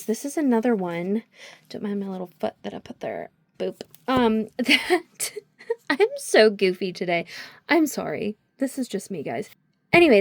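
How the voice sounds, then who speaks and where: A woman's voice: mid-range voice, no room sound. A young woman vlogging about books in a casual, bubbly chat as she walks through her home, giggling often and saying "like" a lot. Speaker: book vlogger. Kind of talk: casual chat while walking around the house. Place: at home, moving between rooms.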